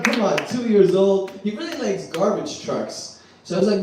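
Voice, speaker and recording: A man in his thirties from Germany doing a stand-up set in a small club, loose and halting with plenty of ums and frequent laughter at his own jokes. His pitch rises and falls in a lively way. The sound is very roomy and distant, with a faint hiss underneath. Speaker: stand-up comedian. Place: small comedy venue.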